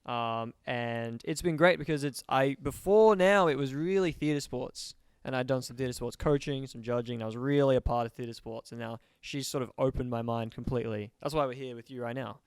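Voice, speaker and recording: A man's voice: mid-range voice, normal speed, few pauses, clear, resonant tone, no room sound, studio quality. A young man, a student interviewing a comedian in a chatty, filler-heavy way. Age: young adult. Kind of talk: casual interview.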